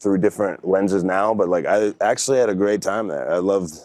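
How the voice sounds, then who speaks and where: A man's voice: sits low, a little fast, darkish tone. A young man, a podcast guest, telling a story in a laid-back, rambling way with lots of fillers. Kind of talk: casual storytelling.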